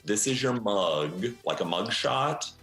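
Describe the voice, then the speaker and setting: A man and longtime drag performer giving an animated, explanatory interview. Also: fairly low pitch, slow pace, faint music behind. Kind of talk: documentary interview. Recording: roomy echo.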